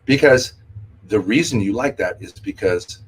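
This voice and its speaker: A man's voice: lowish voice, animated, moderate pace, slightly rough. A man arguing on a livestream in a confrontational, lecturing way. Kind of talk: argumentative livestream talk.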